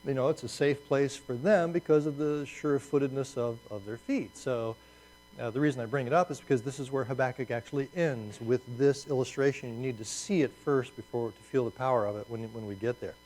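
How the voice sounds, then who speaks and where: A man preaching a conversational sermon with slides, animated and restarting phrases as he goes. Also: mid-range voice, fairly quick, rough recording. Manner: animated, repeats words as he restarts. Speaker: pastor.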